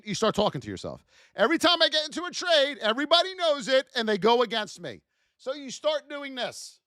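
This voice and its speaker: High-pitched animated male trading instructor. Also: dry recording, clean studio sound. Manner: animated, acts out traders' self-talk, addresses chat. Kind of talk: live-streamed trading class.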